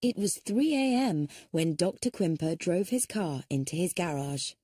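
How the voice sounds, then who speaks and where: A woman narrating a mystery audiobook in a steady storytelling manner. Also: fairly low pitch, unhurried, breathy edge, no echo, clean studio sound. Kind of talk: scripted narration.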